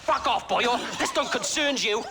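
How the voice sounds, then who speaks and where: A sneering Welsh thug with a high, sing-song lilt, hurling insults. Loud outdoor ambience hums around him in the game scene. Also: male voice, lively intonation, moderate pace, background noise. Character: taunting Welsh thug, hot-tempered and sneering.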